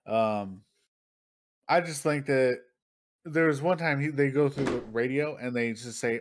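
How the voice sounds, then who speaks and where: A man's voice: medium pitch, unhurried. A man co-hosting a podcast in casual chat, loose and profane, laughing often. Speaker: podcast co-host.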